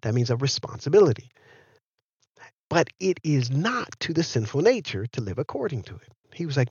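Man, pastor, sermon, lively pitch, husky, dry slightly dull recording. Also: normal speed, dry recording. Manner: animated preaching, asks the listeners questions.

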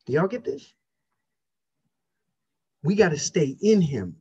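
A man's voice: fairly high pitch, sing-song, takes it slowly, long pauses, warm tone, slightly rough, dull audio. A man preaching a sermon, calling out questions to his congregation. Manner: preaching with call-outs to the congregation. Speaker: pastor.

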